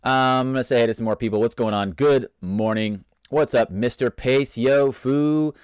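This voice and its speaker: A man's voice: medium pitch, normal speed, smooth, dry recording, clean studio sound. A man hosting a casual live stream, greeting viewers and reading out chat comments in a playful, rambling, self-mocking way.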